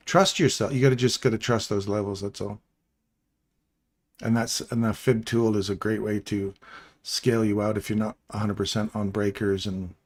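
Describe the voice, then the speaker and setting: A middle-aged man with a medium-pitched, darkish voice hosts a trading live stream. He walks viewers through trades in a chatty, rambling, jokey coaching style.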